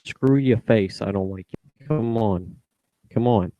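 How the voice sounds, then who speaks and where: A young man mumbles to himself while editing his podcast, rambling, humming and trailing off self-deprecatingly. His voice is on the low side at a measured pace, with phone-quality sound, no echo and soft music in the background.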